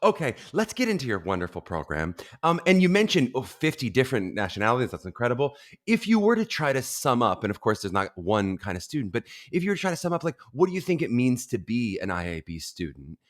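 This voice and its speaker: A man hosting an interview, asking questions in a quick, chatty, lively way. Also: medium pitch. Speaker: podcast host. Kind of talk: casual interview talk.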